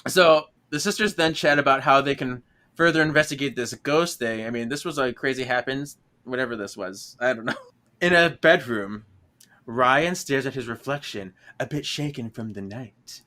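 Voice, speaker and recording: Bright, animated man recapping a story. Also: mid-range voice, normal speed. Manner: animated, laughing often, acts out characters' lines. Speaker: podcast co-host. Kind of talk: casual chat recapping a book.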